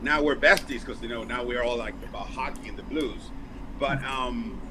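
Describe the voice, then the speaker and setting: Animated man telling stories. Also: mid-range voice, noisy background. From Mexico. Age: 40s. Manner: animated storyteller, quick restarts, acts out quotes. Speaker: guest, baseball broadcaster. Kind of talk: casual interview chat.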